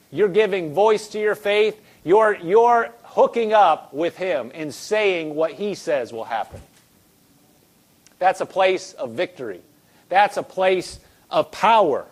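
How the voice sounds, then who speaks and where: A male pastor preaching with a high voice. He is emphatic and repeats key lines for his congregation to echo back, shifting between slow readings and quick asides. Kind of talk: sermon.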